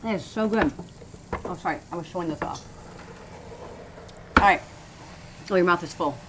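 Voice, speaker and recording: A woman's voice: fairly low pitch, moderate pace, noisy background. A woman hosting a home cooking show, chatting and serving food to her guests in the kitchen. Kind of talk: casual cooking chat.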